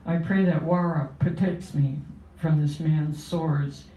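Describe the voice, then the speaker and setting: A poet at a cafe open mic, giving a measured, solemn reading of a first-person poem. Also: medium pitch, fairly even intonation, warm tone, slight background noise. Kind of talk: poetry reading. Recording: roomy cafe sound from a distance.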